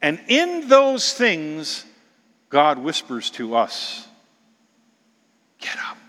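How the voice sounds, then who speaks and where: A middle-aged man preaches with dramatic force, sinking into hushed whispers and then climbing to loud exclamations. His voice sits high and sounds bright and forceful. It carries a long reverb, as if he were recorded in a large hall. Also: huge pitch swings, very slow. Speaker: pastor. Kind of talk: sermon.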